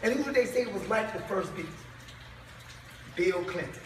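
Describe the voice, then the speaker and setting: A man's voice: high-pitched, lively intonation, normal speed, a bit bright, slight background noise. A man preaching to a live congregation, emphatic and firing rhetorical questions at the crowd. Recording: echoey hall, far from mic.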